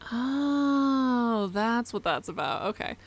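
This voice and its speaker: A woman's voice: fairly high pitch, lively intonation, takes it slowly. A young woman giving casual live commentary as she plays a horror game, chatty and prone to exclaiming and swearing. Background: music.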